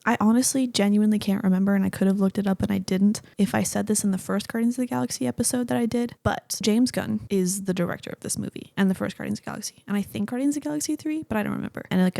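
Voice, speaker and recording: Chatty woman with a gravelly, mellow voice. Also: medium pitch, no echo. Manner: chatty, rambling, self-interrupting. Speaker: podcast host. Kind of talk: casual solo movie review.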